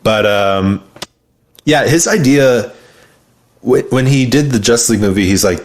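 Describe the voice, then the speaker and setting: A man in his twenties co-hosting a casual chat, animated and opinionated, swearing freely. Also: mid-range voice, unhurried. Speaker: podcast co-host.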